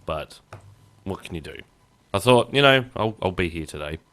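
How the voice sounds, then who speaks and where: A man hosts a casual podcast. His voice sits low but swoops lively and animated, and he rambles along, poking fun at himself. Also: moderate pace. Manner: chatty, rambling, self-deprecating jokes. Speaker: podcast host.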